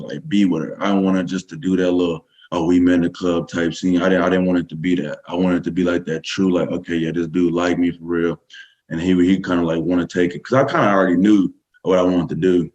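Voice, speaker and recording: A man's voice: low voice, a little mellow, low-quality recording. A man with a Southern US accent, a podcast guest telling a story casually, rambling with many fillers. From Texas, USA.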